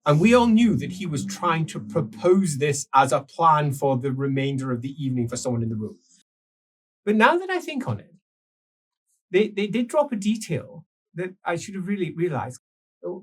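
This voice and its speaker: Husky man telling a rambling tale. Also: on the high side. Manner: rambling, giggly, many fillers and restarts. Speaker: player telling his character's story. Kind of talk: improvised in-character storytelling.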